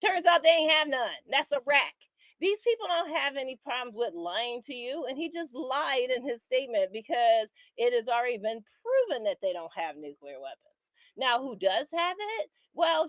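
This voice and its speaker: A woman's voice: fairly high pitch, no room sound. An angry woman speaking as a guest on a live political commentary stream, impassioned and tagging her points with "right?".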